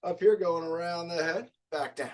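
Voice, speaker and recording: A man's voice: fairly high pitch, moderate pace. A male fitness coach leading a live online group workout, upbeat and encouraging as he counts reps aloud.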